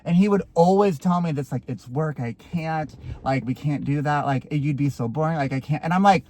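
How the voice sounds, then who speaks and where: A young man telling a dramatic personal story to his viewers in a casual, excitable way, swearing and filling his talk with "like". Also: fairly high pitch, normal speed, no echo. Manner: animated, swearing, lots of "like" fillers.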